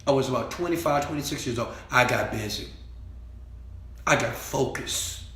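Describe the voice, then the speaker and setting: A man giving a preachy motivational speech, repeating himself and swinging between quiet talk and shouting. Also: mid-range voice, moderate pace, echoey room. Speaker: motivational speaker.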